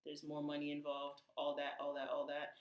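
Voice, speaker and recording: A woman co-hosting a casual podcast, telling gossip and acting out quotes in high voices. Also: monotone, normal speed, highs cut off. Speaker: podcast co-host. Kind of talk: casual chat. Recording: echoey room.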